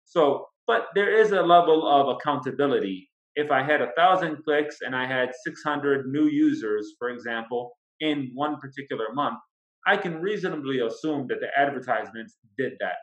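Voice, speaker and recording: A man talks through a topic step by step in a measured, thoughtful way, his voice sitting in a middle register. The recording is muffled and lo-fi, with a noticeable room echo around him. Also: medium pitch, fairly bright tone. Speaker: guest, marketing expert. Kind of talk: casual interview. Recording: echoey, dull lo-fi sound.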